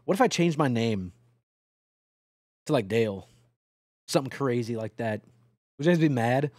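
A young man talks into a close mic on a live stream, rambling and joking with his chat while he plays. His pitch climbs and drops a lot as he tells stories, and the sound is dry with no room echo. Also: animated, normal speed, darkish tone. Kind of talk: casual live-stream chatter while playing a trucking game.

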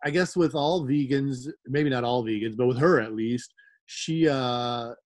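A man's voice: mid-range voice, unhurried. A middle-aged man from the American Midwest, rambling through stories in casual chat, laughing often. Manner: rambling, laughing, full of fillers. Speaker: guest, rave promoter.

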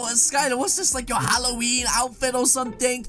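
A woman hosting an excited gameplay commentary video, dramatic and excitable, reacting with exaggerated shock. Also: a little high, a little fast, soft background music. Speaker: gaming video host.

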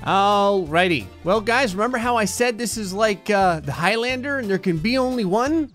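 An excitable man narrates gameplay in a high voice, with frequent exclamations and bursts of laughter. His let's-play commentary runs over faint background music. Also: moderate pace. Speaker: gaming YouTuber.

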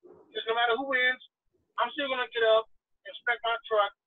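A man's voice: very high-pitched, fairly even intonation, moderate pace, no echo. A man talking as an interview guest, blunt and profane, often mocking others in put-on voices, heard over a remote call. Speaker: interview guest, truck driver. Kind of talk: animated casual conversation. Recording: tinny phone-line audio, dry.

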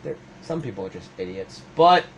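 A young man hosting a gaming video, chatting casually and swearing, with ranting, mock-shouted retellings. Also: mid-range voice, fairly quick, vocal fry, lo-fi sound, background noise. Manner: animated, swearing, rants with mock-shouted quotes. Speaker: gaming channel host. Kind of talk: casual chat while playing.

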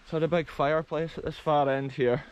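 A man's voice: on the high side, level tone, fairly quick, dull audio, a little hiss or hum. Enthusiastic Scottish man vlogging outdoors. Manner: enthusiastic, keeps addressing viewers as folks. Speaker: vlogger exploring abandoned places. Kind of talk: casual walking vlog narration. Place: outdoors on a windy rural hillside.

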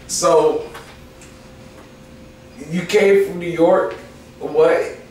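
A man hosting a casual talk show, joking and quick to laugh. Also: on the high side, steady tone, a little hiss or hum. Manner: joking, loud, laughs often. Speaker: podcast host. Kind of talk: casual chat. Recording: echoey room, mic far off.

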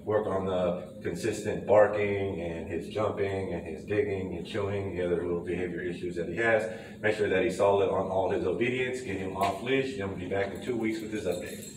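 Relaxed man, distant and echoey. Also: low voice, normal speed. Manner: relaxed, loose, many fillers. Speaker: dog trainer. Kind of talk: casual explanatory talk to camera. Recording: roomy, distant camera audio with background noise.

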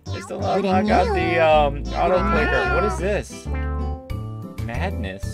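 A woman giving casual, excitable commentary while playing a video game, often breaking into panicked shouts and squeals. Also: on the low side, takes it slowly, gravelly. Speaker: gaming video host. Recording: loud game music behind. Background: loud game music.

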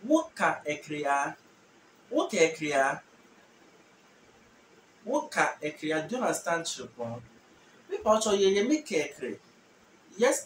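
A man's voice: fairly high pitch, slight background noise. Man teaching phrases in an echoey room. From Ghana. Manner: repeats phrases slowly for learners. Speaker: language teacher. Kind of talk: language lesson. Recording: echoey room, mic at a distance.

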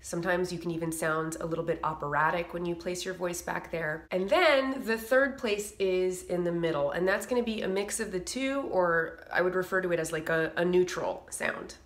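A woman's voice: lowish voice, normal speed, few pauses, reverberant. A woman vocal coach giving a singing lesson to camera, explaining technique and breaking into short sung and nasal demos.

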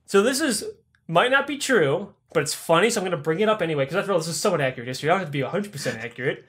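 High-voiced man telling crude history. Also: expressive, very fast, a bit bright. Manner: crude, profane, acts out characters' lines. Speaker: podcast host. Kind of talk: comedic history storytelling.

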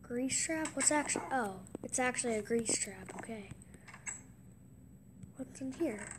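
High-voiced, excitable woman commentating a game. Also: measured pace, noisy background. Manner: excitable, gasping, with hushed asides. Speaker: gameplay commentator.

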